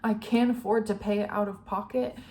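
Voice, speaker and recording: Young woman, candid personal vlog, earnest and emotional, filler-heavy, average pitch. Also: fairly even intonation, brisk, warm tone, a little hiss or hum. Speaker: vlogger.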